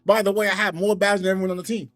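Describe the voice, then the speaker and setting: A man streaming from home, telling a gaming story in an animated, exasperated way. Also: high voice, rapid-fire, no echo, faint music behind. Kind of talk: casual livestream rant.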